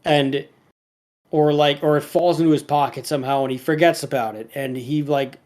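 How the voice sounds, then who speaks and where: A man's voice: a little high, steady tone, normal speed, darkish tone. A man co-hosting a podcast, retelling a cartoon episode in a rambling casual way, full of restarts and fillers, now and then quoting the characters. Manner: quotes characters in a lightly acted voice. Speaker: podcast co-host.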